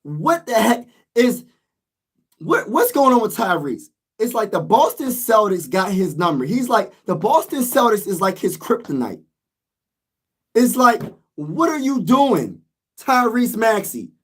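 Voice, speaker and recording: A man's voice: sits high, big pitch swings, measured pace, husky. Guy venting hard after his team lost, keeps repeating himself. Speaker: sports vlogger. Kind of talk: casual sports rant.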